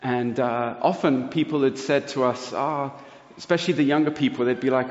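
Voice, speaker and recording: A man preaching a sermon, telling a personal story in an earnest, lively way. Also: medium pitch, a little fast. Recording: roomy hall reverb, dull lo-fi sound.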